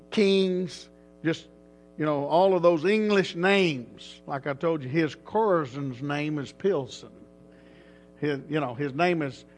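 A man's voice: fairly high pitch, a little hiss or hum. A man who is a pastor, telling a folksy, rambling story in a casual way and chuckling often.

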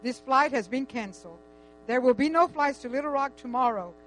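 An older woman with a drawl tells a rambling personal story. She is lively and chatty, acting out what people said. Faint music and a low mains hum sit behind her voice. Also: fairly quick, poor audio. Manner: animated, chatty, with frequent restarts and quoted dialogue.

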